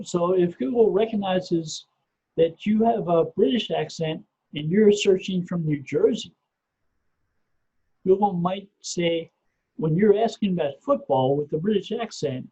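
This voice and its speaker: A middle-aged man, a podcast guest, explaining things step by step in a measured way and often repeating his first word. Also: sits high, warm tone, slightly rough. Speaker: podcast guest, SEO researcher. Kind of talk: casual explanatory interview talk. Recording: muffled lo-fi podcast audio.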